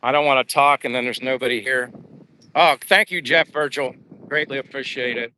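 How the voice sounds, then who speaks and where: A man's voice: medium pitch, moderate pace, a little hiss or hum. Chatty American man walking and live-streaming. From United States. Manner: relaxed, chatty, reads out viewer comments with many fillers. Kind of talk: casual live-stream chat while walking. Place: outdoors on a seaside boulevard.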